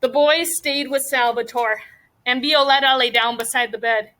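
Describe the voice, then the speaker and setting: Lady teacher reading a chapter book to the class, bright voice, a bit high, stops to quiz the kids. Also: steady tone, low-quality recording. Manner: pauses to question students about the story. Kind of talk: reading a novel aloud to a class.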